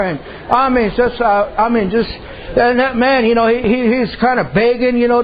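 Folksy high-voiced preacher on a dull recording. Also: male voice, brisk, slightly rough. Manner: folksy storytelling preacher, repeats "I said". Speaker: pastor. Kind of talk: sermon.

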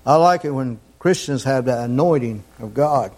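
A man preaching a fervent sermon in a church, sometimes rising to shouts. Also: medium pitch, expressive, normal speed.

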